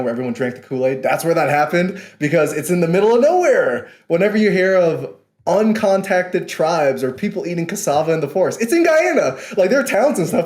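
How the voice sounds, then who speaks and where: A man's voice: mid-range voice, darkish tone, roomy sound. A young man, a podcast guest telling stories in a casual, amused way with frequent laughs. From Queens, New York. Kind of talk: casual interview chat.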